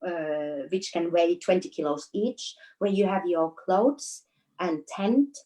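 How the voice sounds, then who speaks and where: A woman from Finland with a Finnish accent, chatting as a guest in an interview and telling stories with frequent laughs and pauses. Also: on the low side, warm tone, low-quality recording. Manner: storytelling with frequent laughs and hesitations. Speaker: guest, dancer. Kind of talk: casual interview chat.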